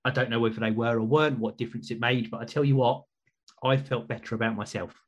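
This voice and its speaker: A man's voice: medium pitch, fairly even intonation, fast talker, highs cut off. A man hosting a podcast, chatting casually and rambling with restarts. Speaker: podcast host.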